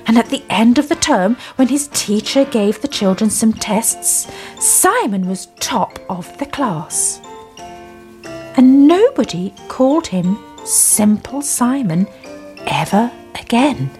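A woman reads a children's story aloud, gently and expressively. Her voice is fairly high and very lively in pitch. She takes her time, with faint music playing behind. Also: slow pace.

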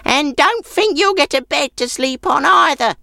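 A man's voice: very high-pitched, lively intonation, a little slow, gravelly, bright, forceful tone, no echo, voice pushed up, full character voice. A man voicing a sour, grudging old woman in a storybook reading, with a snappish, scornful manner. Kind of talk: storybook character voice.

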